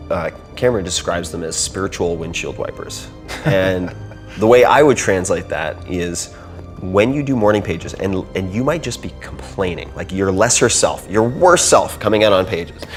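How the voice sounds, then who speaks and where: Low-voiced man telling animated stories. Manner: animated storytelling, acting out quoted voices. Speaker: interview guest. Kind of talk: casual interview talk.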